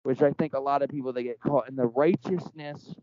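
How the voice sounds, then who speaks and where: A man's voice: mid-range voice, steady tone, brisk, warm tone, no echo. A man telling a story in casual conversation as a podcast guest, earnest and rambling, framing it in spiritual terms. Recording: dull lo-fi dry sound.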